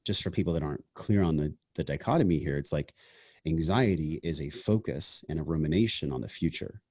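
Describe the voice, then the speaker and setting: Low husky man talking reflectively. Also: brisk, no echo, clean studio sound. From half Sicilian family heritage. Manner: reflective, earnest, says "man" and "like" often. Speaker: podcast host. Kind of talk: casual conversation.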